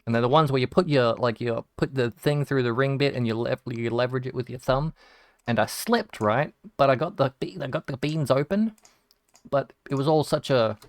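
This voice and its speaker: A young Australian man rambles through casual stories, swearing and restarting his sentences as he goes. His voice is smooth and clear, recorded close and dry with no room sound. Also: mid-range voice, no room sound. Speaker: video game streamer. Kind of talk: casual storytelling while gaming.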